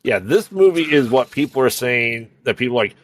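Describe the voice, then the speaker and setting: A man's voice: medium pitch, lively intonation, fairly quick. A man co-hosting a podcast, chatting casually about a movie with dry quips and short agreements. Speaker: podcast co-host. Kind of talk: casual movie review chat.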